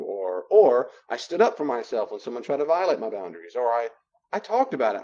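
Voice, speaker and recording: A man teaching a room full of people, his voice sitting in a middle pitch. The recording is dull and lo-fi. He lectures in an animated way, playing both people in short exchanges to make his points. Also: quick pace. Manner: animated, acts out both sides of dialogues. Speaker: counselor teaching a class. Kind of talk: classroom lecture with role-play examples.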